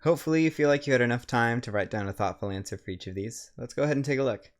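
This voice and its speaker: In a recorded lecture on grammar, a writing center man with a medium-pitched voice explains each point step by step. He slows down whenever he reads example sentences.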